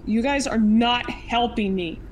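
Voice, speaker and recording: A woman's voice: a little high, a little slow, a little mellow, slight background noise. A woman streaming live, snapping back defensively at people trolling her. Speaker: streamer being raided. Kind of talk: angry live stream rant.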